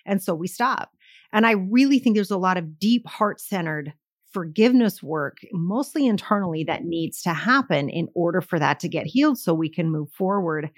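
A woman's voice: lowish voice, expressive, moderate pace, no echo, clean studio sound. A middle-aged woman on a podcast, talking emphatically and telling stories with acted-out quotes. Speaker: podcast guest, sales coach. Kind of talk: podcast conversation.

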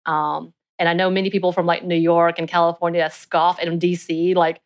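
A woman in her late thirties in casual podcast discussion, animated and thinking aloud with fillers. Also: fairly low pitch, brisk, few pauses. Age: 30s.

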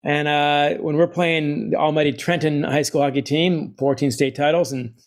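Energetic middle-aged male author. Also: a little high, normal speed. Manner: energetic, quotes others in put-on voices, laughs often. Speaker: author guest. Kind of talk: animated storytelling interview.

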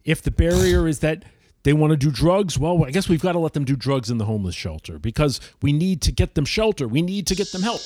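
Middle-aged New man, lively story-teller, fairly high, dry close sound. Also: fast, dry recording. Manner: animated, acts out people in his stories. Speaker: podcast guest. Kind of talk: casual storytelling chat.

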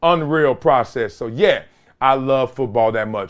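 On his solo podcast, a middle-aged host recounts a story with slang, repeated phrases, and a casual, emphatic delivery. He has a medium-pitched voice and speaks a little slowly.

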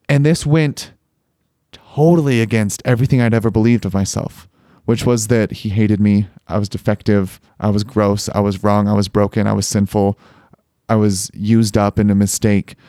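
A young man telling a personal story as a podcast guest, earnest and animated, with many filler words. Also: lowish voice, no echo, studio quality. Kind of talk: conversational storytelling.

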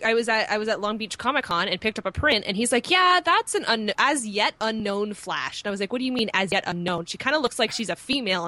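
A woman chatting on a fan panel, telling stories with lively jumps in pitch when she quotes people. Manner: animated storyteller, jumps high when quoting others. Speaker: guest panelist. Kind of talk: casual panel chat.

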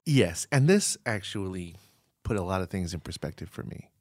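Man riffing sarcastically, lively pitch. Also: normal speed, no echo, clean studio sound. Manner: sarcastic, riffing with absurd jokes. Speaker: podcast co-host. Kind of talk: casual comedic chat.

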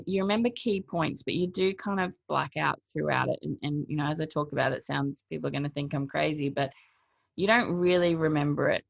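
With a deep, creaky voice and no room sound, a cold-water swimmer vividly retells her experience in a casual interview. She mimics what people said to her and laughs between thoughts. The audio is dull, dry lo-fi.

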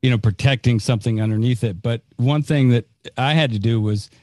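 A man's voice: medium pitch, fairly quick, dark tone. A man hosting a talk, sharing his own experience in a hesitant, candid way full of "you know". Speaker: podcast host giving advice. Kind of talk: reflective conversational advice.

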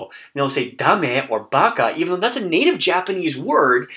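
A man's voice: fairly high pitch, bright, forceful tone. A man hosting a podcast and teaching a language lesson in a chatty, self-amused way, with frequent "um" fillers. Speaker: podcast host teaching Japanese. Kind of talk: casual spoken lesson.

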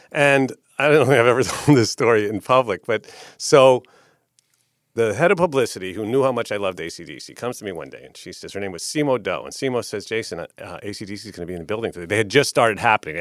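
Fast, profane storyteller man, dry close mic, keeps asking "right?". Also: medium pitch, no echo. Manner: profane, tags lines with "right?". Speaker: record label executive, interview guest. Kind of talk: animated storytelling in casual interview.

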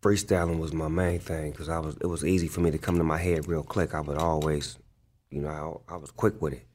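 A man's voice: a bass voice, level tone, a little fast, darkish tone, a little hiss or hum. A man, a rapper being interviewed, telling stories in a loose, profane way full of fillers. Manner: loose, profane, filler-heavy storytelling with frequent "like". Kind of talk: casual interview storytelling.

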